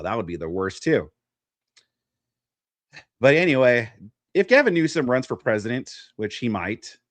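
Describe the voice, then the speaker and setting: A man's voice: mid-range voice, no echo. A man hosting a live political stream, ranting in a sarcastic, mocking way. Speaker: host. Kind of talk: casual political talk.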